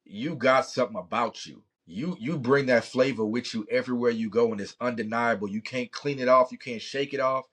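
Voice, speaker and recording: Passionate husky man from Louisiana. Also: medium pitch, fairly quick, hardly any pauses, fairly bright tone. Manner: passionate, rambling, Southern slang. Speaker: podcast host. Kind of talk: sports opinion talk.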